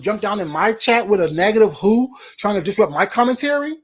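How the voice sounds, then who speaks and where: A man's voice: sits high, lively intonation, fairly quick, few pauses, fairly bright tone. Profane man ranting a story. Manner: profane, emphatic, repetitive. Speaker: streamer. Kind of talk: storytelling rant to viewers.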